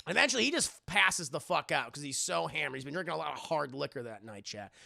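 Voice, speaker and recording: A man streams a casual film recap to his chat, cursing and laughing as he acts out the scenes. His voice has a very gravelly fry and a sharp, tense brightness. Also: on the high side, quick pace. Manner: profane, laughing, animated retelling with mock voices. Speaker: movie reviewer and streamer. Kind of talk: casual livestream movie recap.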